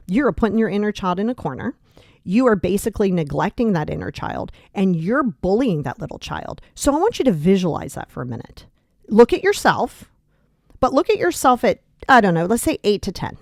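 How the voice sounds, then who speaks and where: A woman's voice: medium pitch, a little mellow, no echo, studio quality. A woman hosting a self-help podcast, talking bluntly and emphatically, swearing casually as she coaches listeners. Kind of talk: motivational self-help talk.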